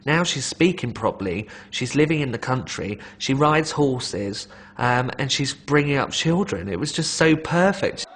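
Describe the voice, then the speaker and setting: A man commentator speaking in an ironic, gently mocking interview tone. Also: mid-range voice, animated, measured pace, hardly any pauses, a little hiss or hum.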